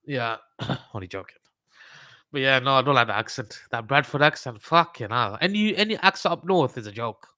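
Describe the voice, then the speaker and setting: A man's voice: mid-range voice, lively intonation, moderate pace, sharp tone, dry recording, studio quality. A man with a Birmingham accent hosting a trading livestream, talking through charts in a rambling, casual way, swearing and joking with his chat. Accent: Birmingham English.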